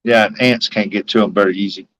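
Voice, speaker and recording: A man's voice: fairly low pitch, fairly even intonation, fast, a bit bright, no room sound, low-quality recording. Laid-back man, dry sound. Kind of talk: casual chat.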